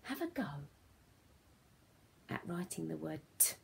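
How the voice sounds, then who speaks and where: A woman's voice: deep voice, big pitch swings, unhurried, creaky, slight background noise. A woman teaching a phonics lesson to young children, speaking in a sing-song, encouraging way that often drops to a whisper.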